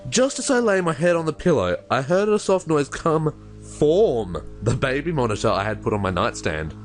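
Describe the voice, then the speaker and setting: A man's voice: on the high side, sing-song, normal speed, faint music behind. A man voicing a grief-stricken young mother as he reads a horror story aloud in first person, stumbling over words now and then. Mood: horrified.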